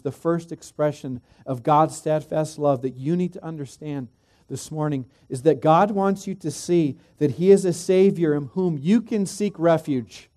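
A middle-aged man, a pastor, preaching a sermon, emphatic in places and dropping to quiet, chatty asides in others. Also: a little high, measured pace.

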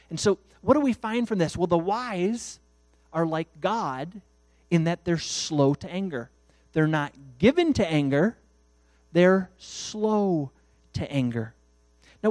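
A man preaching a sermon in an animated way, acting out little dialogues as he goes. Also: a little high, no echo. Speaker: pastor.

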